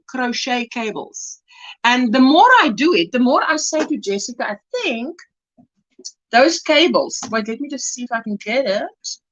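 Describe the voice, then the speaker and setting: A woman's voice: fairly high pitch, sharp tone, highs cut off. A woman from South Africa hosting a casual crochet livestream, greeting viewers by name and reading out chat comments.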